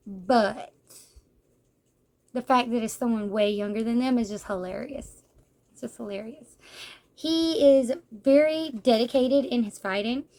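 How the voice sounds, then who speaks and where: A woman chatting casually as she reviews a manga, animated and laughing, acting out the characters' lines. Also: fairly high pitch. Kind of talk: casual book review chat.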